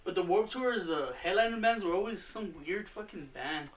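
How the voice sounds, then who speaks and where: High-voiced man, sitting back from mic. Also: animated, moderate pace, fairly bright tone, far from the mic. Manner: loose storytelling with swearing. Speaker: podcast co-host. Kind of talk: casual chat.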